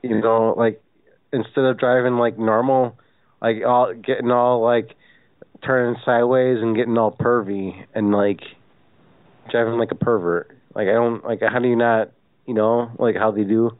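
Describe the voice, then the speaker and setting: A man rambles through a prank phone call, halting and circling, leaning on "like" again and again. His voice sits at an ordinary middle pitch. It comes through a narrow, tinny phone line with a dry, close sound. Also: level tone, clean tone, dry recording. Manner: rambling, halting, fills every pause with "like". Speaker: prank caller.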